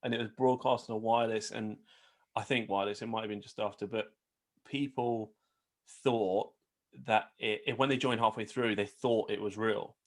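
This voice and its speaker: A man's voice: on the low side, fairly even intonation, normal speed. A man co-hosting a podcast, trading crude jokes in casual banter. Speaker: podcast co-host. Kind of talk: casual chat.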